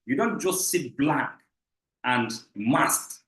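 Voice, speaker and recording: A man's voice: medium pitch, expressive, slow pace, fairly bright tone. Man teaching in an echoey room. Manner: explanatory, repeats key points, frequent "uh" fillers. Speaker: clinical instructor. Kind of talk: recorded teaching lecture.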